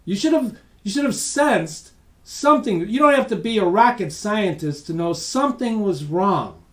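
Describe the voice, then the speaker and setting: A man presenting a webinar as a lively, emphatic storyteller who speaks straight to his audience. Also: sits high, normal speed, echoey room. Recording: voice distant from the mic.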